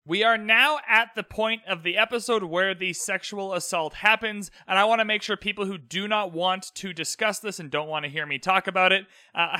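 A young man hosting a solo recap podcast, talking alone in a room, animated and earnest as he retells scenes. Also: high-pitched, no echo, studio quality. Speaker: podcast host.

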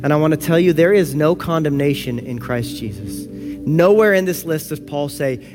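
A male pastor delivers a sermon in an earnest voice pitched a little high. He swings from soft, slow, low passages to quick, loud bursts. Faint music plays beneath him. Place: church sanctuary.

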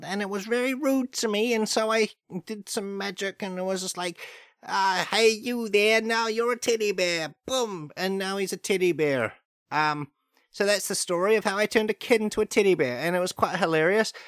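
A man's voice: high-pitched, normal speed, a bit bright, no room sound, clean studio sound, pitched above the performer's own voice. A man voicing a careless, mischievous witch who tells her story offhandedly and is amused by it.

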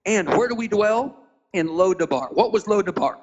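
High-voiced man preaching a Bible story. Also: animated, muffled recording. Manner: acts out quoted characters with sudden high-pitched voices; spells out and stresses Hebrew words slowly. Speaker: pastor being interviewed.

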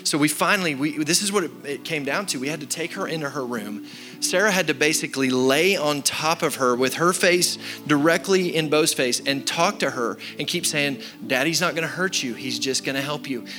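Pastor guy in his 30s preaching, kinda high voice, music going underneath. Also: normal speed. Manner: animated storytelling, shifts from loud to quiet. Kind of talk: sermon. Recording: sermon with music behind.

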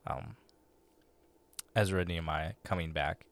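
A man's voice: deep voice, measured pace, fairly bright tone. A man co-hosting a church podcast as youth pastor, playful and rambling in casual chat.

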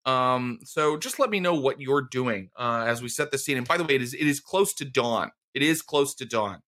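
A man narrating a tabletop game as game master, talking in a halting, good-humored, conversational way. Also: medium pitch, expressive, bright, forceful tone.

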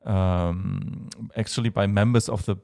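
A man with a German accent, a Baroque violinist talking as a guest in a relaxed interview, hesitant with many fillers and light laughs. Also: fairly low pitch, measured pace, creaky. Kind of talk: casual interview chat.

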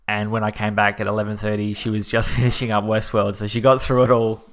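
Aussie guy on a podcast, a bit low-voiced, laid-back chatting. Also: quick pace. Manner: relaxed, chatty storytelling. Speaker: podcast co-host. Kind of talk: casual chat.

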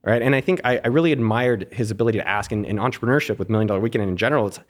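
A middle-aged man, a guest on an interview podcast, telling family stories in a casual, animated way with frequent restarts. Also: on the low side, very fast.

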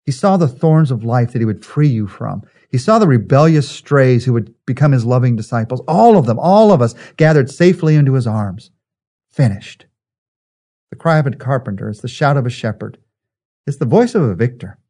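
A man's voice: medium pitch, expressive, normal speed, mellow. A man preaching a sermon in an earnest way, building his points through repetition. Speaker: pastor.

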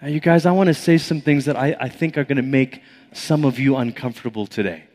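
A man's voice: medium pitch, fast. A man preaching a sermon as pastor, telling stories and acting out voices, a little out of breath. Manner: animated storytelling with acted-out inner voices. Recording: long reverb of a hall.

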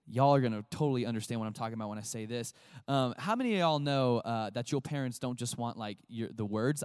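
A man pastor giving a casual, animated sermon to a young crowd, chatting and acting out short voices. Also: medium pitch, brisk, clear, resonant tone, no room sound, studio quality.

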